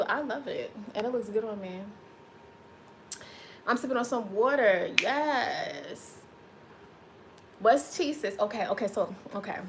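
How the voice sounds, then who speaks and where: This livestream host has a slightly high voice, and some light background noise can be heard. She keeps things casual, joking around with viewers and reading out what they write.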